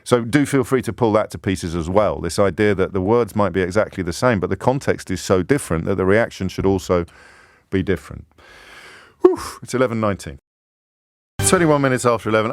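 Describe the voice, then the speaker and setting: Sounding fairly low but lively, this man talks fairly quickly through a clean, echo-free studio microphone. Hosting a phone-in show, he delivers a rambling, self-mocking monologue full of stammered restarts.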